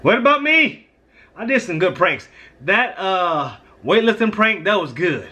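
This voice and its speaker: A man's voice: high voice, sing-song, a little slow, pushed and bright. A man talking casually to the camera in a home kitchen, slangy and chatty, calling his viewers fam. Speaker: prank vlogger, husband. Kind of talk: casual vlog talk to camera. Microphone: camera set on top of refrigerator.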